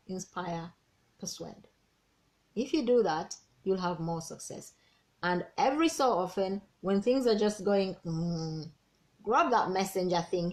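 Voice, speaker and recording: A woman, a business coach giving an energetic, persuasive team training talk and repeating key words. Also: mid-range voice.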